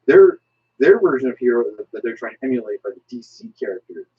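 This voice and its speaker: Man, casual chat, halting delivery, lively pitch, muffled lo-fi sound. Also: breathy edge. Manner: halting, restarts often, hops in pitch. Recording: dull lo-fi recording.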